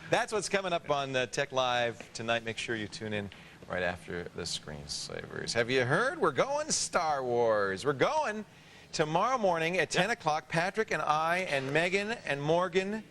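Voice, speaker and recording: A joking man hosts a live TV tech show in a studio, his pitch leaping up and down as he plays to the room. His voice sits a little high for a man, and there is clear noise behind him. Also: normal speed. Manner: joking, playful, animated. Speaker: TV show host. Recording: noisy TV studio.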